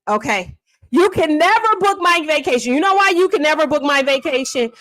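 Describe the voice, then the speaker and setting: High-voiced dramatic woman storyteller. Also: a bit bright, no echo. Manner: dramatic, theatrical, calls listeners honey and baby. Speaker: live stream host. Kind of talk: animated storytelling commentary.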